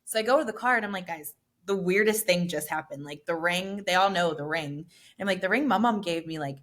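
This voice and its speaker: A woman's voice: lowish voice, brisk, fairly bright tone. A woman from the US East Coast, a podcast guest, telling a story in a chatty way and quoting herself. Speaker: interview guest. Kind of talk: casual storytelling.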